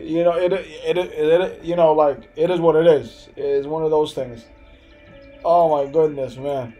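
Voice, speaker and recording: A man's voice: fairly high pitch, mellow, poor audio. Laid-back young man. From Hempstead, New York. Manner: loose, rambling, laughs often, answers chat. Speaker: live streamer. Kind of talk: casual live-stream chat.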